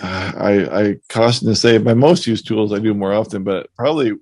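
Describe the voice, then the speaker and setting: A man's voice: on the low side, normal speed, a little mellow, no room sound. A man co-hosting a podcast about woodcarving, giving easygoing, laid-back advice in casual chat.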